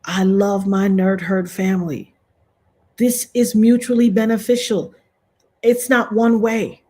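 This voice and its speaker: Husky-voiced woman hosting a livestream. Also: medium pitch, flat delivery, a little slow. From northern United States. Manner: affectionate, preachy, shouts out chat viewers. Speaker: livestream host. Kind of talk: casual livestream chat.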